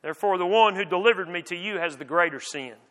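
A man reading the lines of a calm prisoner who speaks of a kingdom not of this world, measured and solemn. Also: high-pitched. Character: calm male prisoner claiming a heavenly kingdom. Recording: long hall reverb.

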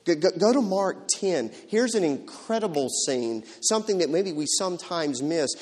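A man preaching a sermon in a dramatic way, swinging from loud to hushed. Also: on the high side, animated, normal speed. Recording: long hall reverb.

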